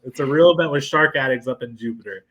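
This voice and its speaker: A man's voice: medium pitch, fast talker, dull audio, crowd noise. A man guest on a podcast, telling about his veterans' events in a hesitant way with many fillers. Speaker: guest, veterans foundation leader. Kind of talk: casual podcast interview.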